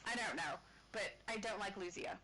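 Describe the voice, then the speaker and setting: A woman's voice: mid-range voice, a little fast, poor audio. Chatty woman laughing through stream chat. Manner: laughs often, apologetic, reads comments aloud. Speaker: livestream co-host reading chat. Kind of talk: casual livestream chat.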